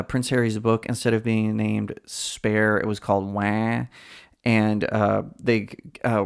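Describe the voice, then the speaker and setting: Gravelly-voiced man hosting casual commentary. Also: on the low side. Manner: opinionated, chatty, frequent fillers. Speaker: commentary channel host. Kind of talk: casual pop culture commentary.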